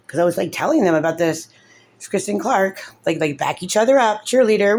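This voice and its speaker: A woman's voice: medium pitch, lively intonation, brisk, darkish tone. A woman, a mother, talking through her grievances in an upset, rambling way, tearful and full of fillers. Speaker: mother in a custody case. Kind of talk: emotional vlog commentary.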